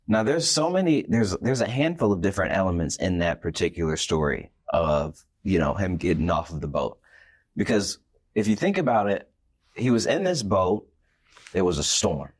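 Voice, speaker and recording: Husky man telling a story animatedly. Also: low voice, moderate pace. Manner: animated storytelling, acting out the scenes. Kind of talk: casual faith discussion.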